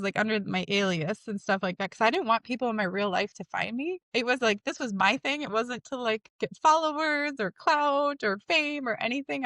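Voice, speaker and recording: A woman's voice: a little high, fairly bright tone, no room sound, studio quality. A young woman who is a guest on a podcast, chatting in a bubbly, giggly, rambling way with many fillers. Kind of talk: casual interview chat.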